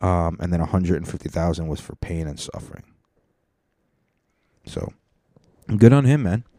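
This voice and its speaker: A man's voice: low voice, lively intonation, normal speed, warm tone, no room sound, clean studio sound. A young man hosting a podcast, rambling through a profane, self-mocking comedic monologue. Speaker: podcast host.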